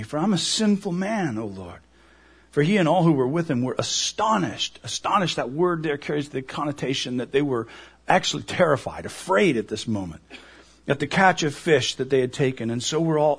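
A man preaching a sermon in a husky voice, animated and repeating himself as he acts out quoted words. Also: a little high. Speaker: pastor.

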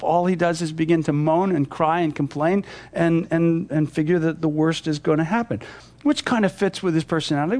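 A man's voice: high voice, a little mellow. A man teaching a Bible passage verse by verse, explaining and retelling it in a conversational way.

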